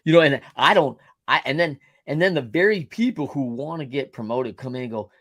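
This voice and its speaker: A man's voice: medium pitch, brisk, hardly any pauses, fairly bright tone, no echo. A middle-aged man hosting a podcast interview, talking casually in loose, rambling sentences full of restarts. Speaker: podcast host and coach.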